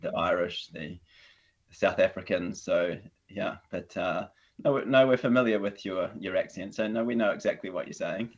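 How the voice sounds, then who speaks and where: Deep-voiced New Zealand man on a video call. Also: normal speed. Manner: relaxed, hesitant, many fillers and restarts. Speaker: guest. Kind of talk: casual conversation. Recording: dull lo-fi audio.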